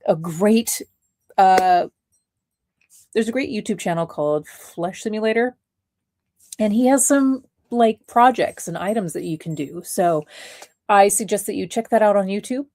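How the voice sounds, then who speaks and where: A woman's voice: mid-range voice, unhurried, long pauses, darkish tone, no echo. A woman hosting a casual livestream podcast, talking bluntly, laughing often and acting out the voices of people she quotes. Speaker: podcast host.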